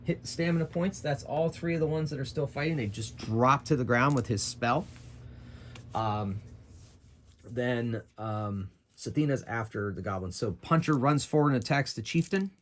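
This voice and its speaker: A man's voice: medium pitch, a little hiss or hum. Chatty man narrating a solo tabletop game. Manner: chatty, thinks aloud about rules and dice rolls.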